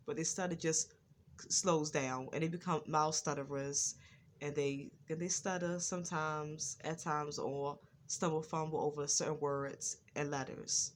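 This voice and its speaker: A woman vlogger talking slowly and carefully in a casual personal monologue, with a stutter and a lot of repetition. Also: low voice, fairly even intonation, slight background noise.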